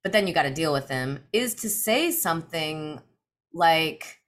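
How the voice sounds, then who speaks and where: A woman's voice: sits low, animated, measured pace. A woman co-hosting an advice podcast in casual chat, giving earnest advice with amused reactions. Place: hotel room.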